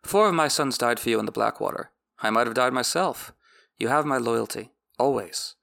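A man's voice: mid-range voice, moderate pace, creaky, bright, forceful tone. A man voicing an earnest, loyal middle-aged knight who speaks plainly and pleads his case.

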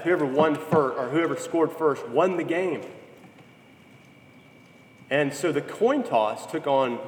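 A man's voice: a little high, a little hiss or hum. Man preaching in an echoey hall. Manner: storytelling with lively acted quotes. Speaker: pastor. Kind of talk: sermon.

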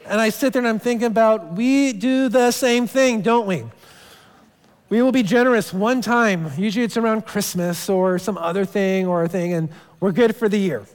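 In a church sanctuary full of long reverb, a pastor in his thirties delivers a sermon at normal speed with a high, clear, resonant voice. His storytelling is casual and marked by frequent restarts.

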